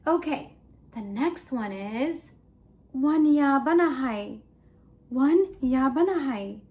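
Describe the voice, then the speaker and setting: A woman teaching a language lesson for toddlers, talking slowly and playfully while acting out feelings. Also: high-pitched, lively intonation. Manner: slow, playful, exaggerated emotions for kids.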